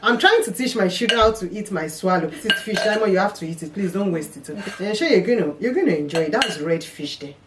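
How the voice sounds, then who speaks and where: A Nigerian woman with a Nigerian accent, a mother chatting while eating, animated and chiding. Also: mid-range voice, fast, hardly any pauses, recorded from a distance, noisy background. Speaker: mother co-hosting a mukbang. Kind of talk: casual chat while eating. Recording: echoey room, off-mic, dish clatter.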